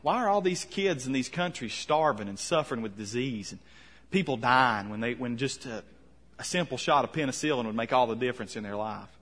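Husky-voiced man preaching a sermon. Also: mid-range voice, brisk. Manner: conversational, questioning, with soft dropped endings. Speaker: pastor.

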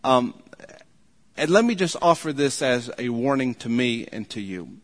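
A man preaching a sermon as pastor, earnest and pleading, slowing down to stress his points. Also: mid-range voice, sing-song. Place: church sanctuary.

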